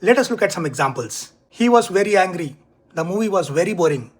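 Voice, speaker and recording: A man coaching viewers on better writing, giving a clear, emphatic online English lesson with deliberate delivery. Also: high-pitched, expressive.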